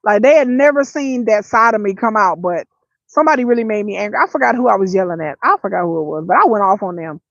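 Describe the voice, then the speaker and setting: A woman's voice: mid-range voice, animated, fast talker, fairly bright tone, dry recording, dull audio. A middle-aged woman from the Detroit area talking candidly to camera, telling stories with many restarts and voiced asides. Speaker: vlogger. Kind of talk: casual talk to camera.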